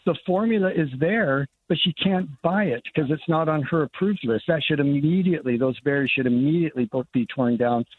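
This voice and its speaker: A man's voice: on the high side, brisk, hardly any pauses, a little hiss or hum. An older man, a congressman, speaking earnestly as a guest in a radio interview by phone. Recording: tinny phone line.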